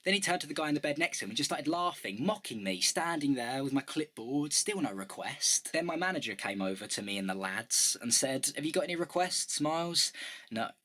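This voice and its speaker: A man's voice: mid-range voice, animated, fairly quick, few pauses, bright, forceful tone. A man giving a comic storytelling monologue in a wry, dry delivery.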